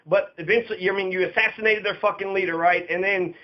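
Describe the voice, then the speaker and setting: A man's voice: high-pitched, steady tone, fast talker. A man giving blunt, profane, casual commentary on history in a ranting way. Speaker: history podcaster. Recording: dull lo-fi recording.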